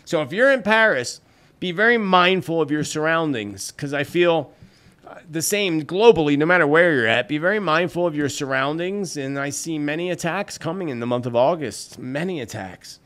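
A man's voice: on the high side, animated, normal speed, a bit bright. A man hosting his own channel, earnestly telling viewers his psychic predictions and often calling them friends. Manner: earnest, addresses listeners as "friends". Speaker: psychic host. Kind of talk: solo predictions talk to camera.

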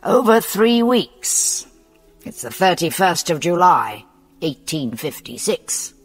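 An audiobook narrator voicing Runcorn, an impatient Victorian police superior who speaks bluntly, read over soft music in a reverberant space. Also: medium pitch, huge pitch swings, unhurried, breathy edge, exaggerated voice. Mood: gruff. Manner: blunt, demanding questions.

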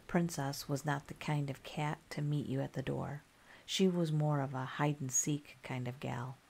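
A woman narrating a scary story in a calm, soft-spoken ASMR style. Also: low-pitched, moderate pace, gravelly.

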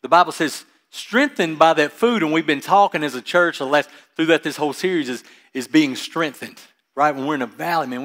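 A man preaching a sermon, reading Scripture aloud and explaining it in plain, casual asides, swinging between loud emphasis and quiet, trailing lines. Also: medium pitch. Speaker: pastor.

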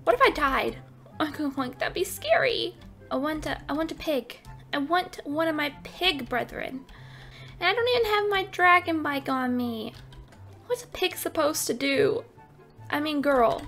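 A woman's voice: high-pitched, lively intonation, a little slow, a bit bright, faint music behind. A young woman hosting a casual Minecraft let's play, playful and chatty, often squealing over cute animals and repeating a silly oink catchphrase. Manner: playful, keeps saying oink oink oink. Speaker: gaming channel host.

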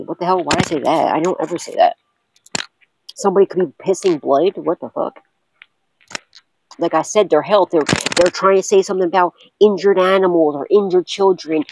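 A woman's voice: lowish voice, a little mellow, a little hiss or hum, rough recording. A woman tarot reader in a casual vlog, talking bluntly and cursing often while she repeats urgent warnings to her viewers.

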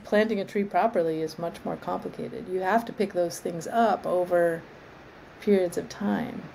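Woman tree trainer, gravelly and mellow, talks it through slow and careful. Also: fairly low pitch, steady tone, a little hiss or hum, low-quality recording. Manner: thoughtful, measured, restarts phrases while explaining. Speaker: arborist and trainer, guest. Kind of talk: conversational interview.

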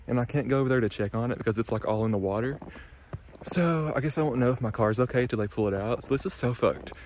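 A man's voice: medium pitch, fast talker, darkish tone, slight background noise. A young man vlogging casually from his car and the snowy roadside, rambling and swearing constantly. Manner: rambling, heavy swearing, lots of "like" and "y'all". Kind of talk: casual vlog to camera. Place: car and roadside in snow, then parked truck.

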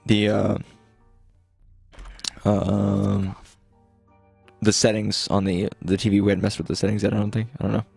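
A young man with a low, husky voice and a gravelly rasp, chatting through a couch co-op game. He talks in a laid-back, rambling way, trailing off and restarting as he thinks aloud. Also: little pitch movement, measured pace, pauses often, darkish tone, no echo, soft background music. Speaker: gaming channel co-host. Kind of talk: casual let's-play chat. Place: living room couch, gaming in person.

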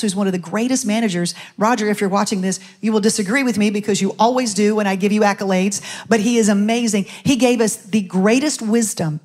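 A middle-aged woman pastor giving a testimony from a church stage, telling her story in an animated way and acting out the voices of the people in it. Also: medium pitch. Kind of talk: sermon testimony.

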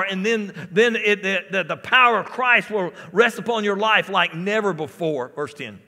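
High, bright-voiced preacher. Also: male voice, long reverb tail. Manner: preaching with repetitions and call-outs to the congregation. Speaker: pastor. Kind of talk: sermon. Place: church sanctuary.

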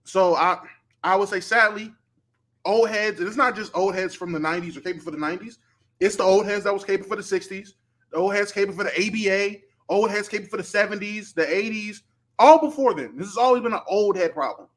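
Emphatic high-voiced man arguing. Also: fairly quick, fairly bright tone. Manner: emphatic, argumentative, slangy. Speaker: podcast co-host. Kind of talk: casual debate chat.

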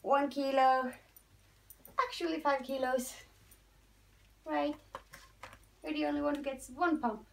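A woman's voice: sits high, fairly even intonation, takes it slowly, vocal fry, pauses often. A young woman, unboxing new things at home and cooing to her pets in a sing-song way. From Norway. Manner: coos and sing-songs at her animals. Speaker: pet vlogger. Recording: noisy home recording.

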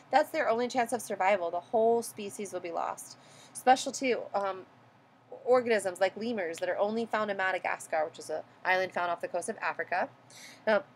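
A woman's voice: medium pitch, a little hiss or hum. A woman giving a recorded biology lecture in a conversational way, often checking in with "right?" and correcting herself as she goes.

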